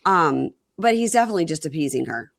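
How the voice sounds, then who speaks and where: A woman hosting a podcast, chatting casually and retelling scenes as an animated storyteller who acts out the lines. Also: low voice, fast, creaky, dry recording, clean studio sound. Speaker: podcast host. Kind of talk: casual chat recapping a reality show.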